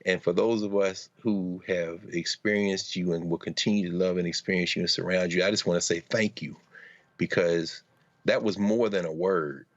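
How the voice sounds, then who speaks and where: Man professor on a panel, earnest and choked up, low voice, dull line. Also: fairly even intonation, moderate pace, no room sound. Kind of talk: emotional panel talk.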